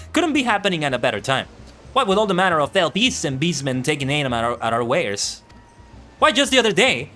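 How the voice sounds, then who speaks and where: Streamer doing a high, bouncy old merchant, boastful and folksy. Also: male voice, sharp tone. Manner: folksy, drops into dialect.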